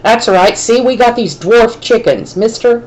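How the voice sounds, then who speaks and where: A woman's voice: on the high side, measured pace, a little mellow, pitched above the performer's own voice, rough recording. A woman voicing an angry, blustering male construction foreman who hollers threats. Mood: nervous.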